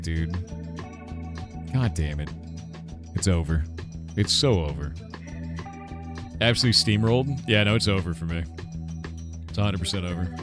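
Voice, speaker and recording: A middle-aged American man hosting a live stream, his low voice swooping up and down as he riffs on jokes with chat. Quiet music plays faintly behind him. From United States. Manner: jokey, riffing banter with chat. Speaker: game developer streamer.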